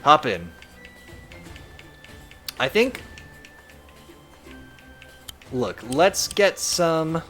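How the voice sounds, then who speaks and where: A man's voice: fairly high pitch, big pitch swings, extremely slow, fairly bright tone, faint music behind. A man streaming a strategy game in casual, playful commentary, reading chat messages aloud as he plays.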